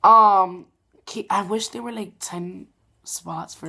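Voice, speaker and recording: Speaking slowly in a bright, pushed voice of medium pitch, a young theater vlogger rambles through a gushing review of a stage show. Her speech is thick with "like" and "um."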